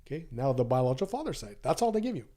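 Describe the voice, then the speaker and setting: A man in his sixties telling a personal story as a podcast guest in a loose, chatty way, acting out the voices of people in it. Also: rapid-fire. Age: 60s. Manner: animated, acts out quoted dialogue with pitch jumps; loose and conversational, many fillers and asides. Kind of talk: casual storytelling.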